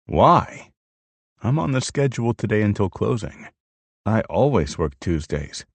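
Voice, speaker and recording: A man narrating a first-person romance audiobook in a measured storytelling manner. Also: fairly low pitch, very animated, darkish tone, husky, dry recording.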